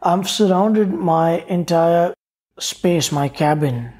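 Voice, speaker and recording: A man, an entrepreneur guest, telling his story in an interview in an earnest, halting way with restarts. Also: a little high, a little mellow.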